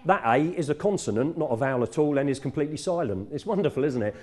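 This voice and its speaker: A man's voice: fairly high pitch, animated, fast talker, a little mellow. A middle-aged man, preaching a sermon in a church in a conversational, self-correcting teaching manner.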